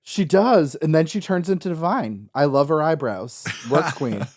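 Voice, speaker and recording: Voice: medium pitch, normal speed, darkish tone. A podcast co-host in casual chat, sassy and emphatic, swearing a lot.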